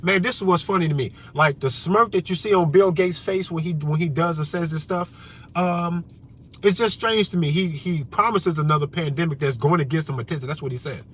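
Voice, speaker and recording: A man's voice: fairly high pitch, brisk, fairly bright tone, husky. A man delivering a brash, profane, combative rant as a vlogger, with faint vehicle noise behind him. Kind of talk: profane ranting monologue.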